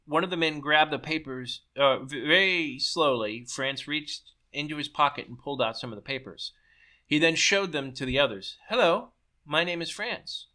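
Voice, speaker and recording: A man reading his own story aloud in a brisk way, sometimes stumbling and restarting a word. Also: fairly high pitch, pushed and bright. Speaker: story reader.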